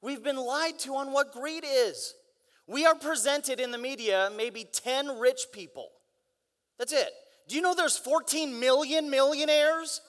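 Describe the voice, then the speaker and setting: A young man giving an energetic guest sermon in a church, driving his points with rhetorical questions and mock voices. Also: very high-pitched, measured pace. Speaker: guest preacher. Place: large church hall. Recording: long church hall reverb.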